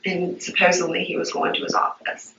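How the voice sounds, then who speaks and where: A woman's voice: on the low side, level tone, a little fast, creaky, noisy background. Hesitant woman on muffled interview tape. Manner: hesitant, stumbling, repeats words. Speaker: witness in a police interview. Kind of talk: recounting events to a detective. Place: police interview room. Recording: muffled roomy archive interview tape, distant.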